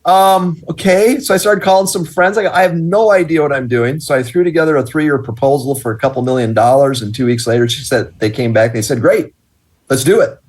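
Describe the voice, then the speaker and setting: A middle-aged man from Wisconsin, a business owner being interviewed, tells his story with energy and acts out each quoted exchange. His voice sits at an ordinary mid pitch. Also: fast, slightly rough. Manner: animated, acts out quoted dialogue. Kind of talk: storytelling in conversation.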